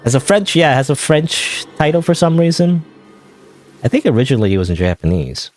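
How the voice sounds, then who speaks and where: A man's voice: on the high side, animated, brisk, soft background music. A man casually commenting on a game while streaming, rambling and often unsure of himself. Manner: rambling, unsure, self-questioning.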